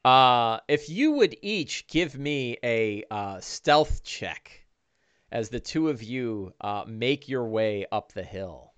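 A middle-aged man narrating a one-on-one tabletop game as dungeon master, with a relaxed, rambling manner full of fillers and restarts. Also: medium pitch, slow, clear, resonant tone, no room sound.

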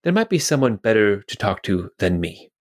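A man's voice: on the low side, very animated, moderate pace. A man voicing a male city guard who is polite and evasive, speaking hesitantly with many fillers.

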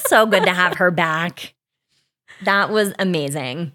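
A woman's voice: on the low side, slow pace, sharp tone. A woman co-hosting a podcast, chatting casually and enthusiastically with a friend about a TV show, with sighs and ums. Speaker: podcast co-host. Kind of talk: casual chat.

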